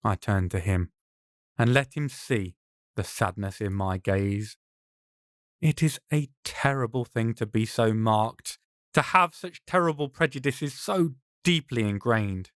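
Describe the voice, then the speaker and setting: A man narrating his own first-person novel as an audiobook, in a measured, dramatic storytelling manner. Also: fairly low pitch, a bit bright, no echo, clean studio sound. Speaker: author and narrator.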